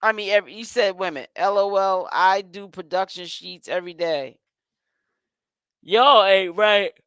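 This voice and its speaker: A woman's voice: mid-range voice, fairly quick, smooth, no room sound. A woman hosting a casual gossip commentary vlog, sassy and chatty, tired and yawning while she talks. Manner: sassy and chatty, calls listeners honey and child. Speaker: host.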